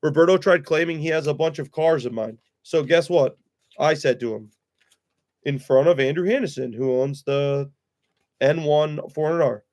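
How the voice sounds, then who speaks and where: A man talking on his own livestream in a blunt, profane rant, his voice sitting somewhat high for a man. He keeps the tone heated and unfiltered, swearing freely as he lays out his side. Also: normal speed, a little mellow. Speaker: livestream host.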